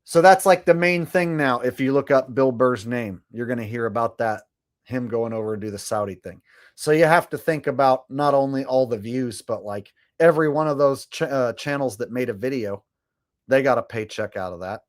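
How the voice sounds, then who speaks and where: A man's voice: mid-range voice, moderate pace. A man hosting a casual livestream, rambling and swearing as he comments and reads chat. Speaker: livestream host.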